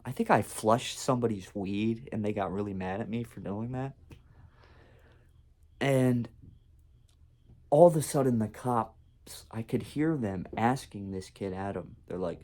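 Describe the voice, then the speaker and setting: A man's voice: fairly low pitch, measured pace, pauses often, mellow. A man telling a casual, rambling story in a vlog, full of fillers and restarts. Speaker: vlogger.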